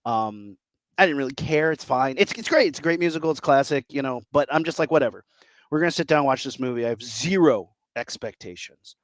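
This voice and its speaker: A man's voice: mid-range voice, lively intonation, a little fast, no room sound. A man in his thirties co-hosting a casual podcast chat, enthusiastic and rambling, often acting out what people said. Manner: enthusiastic, rambling, acts out quotes. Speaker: podcast co-host.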